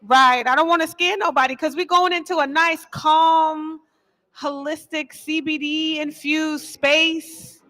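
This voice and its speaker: Woman, high voice, event emcee, handheld mic, playful, folksy slang, motherly firmness, tired. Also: steady tone, a little slow, sharp tone. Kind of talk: casual live event hosting. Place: event venue with a live audience.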